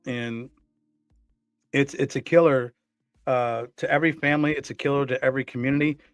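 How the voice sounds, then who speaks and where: A man's voice: mid-range voice, steady tone, brisk, dry recording, faint music behind. A man co-hosting a casual podcast, talking in a rambling way with many restarts and fillers. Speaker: co-host.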